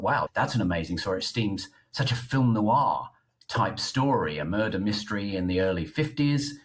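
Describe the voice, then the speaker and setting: A middle-aged British man, a journalist and author, chatting on a video call interview and telling his story in a lively way. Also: lowish voice. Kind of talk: interview conversation.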